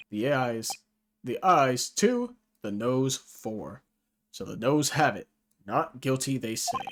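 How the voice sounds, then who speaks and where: A man's voice: medium pitch, noisy background, lightly acted. A man voicing a formal elderly judge announcing a jury count, with game music behind. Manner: formal, deliberate.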